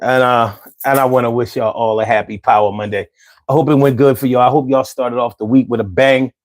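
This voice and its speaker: A man hosting a casual livestream, reading chat and talking in street slang, swinging from low mutters to loud exclamations. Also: fairly even intonation, a little fast. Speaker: livestream host. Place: home.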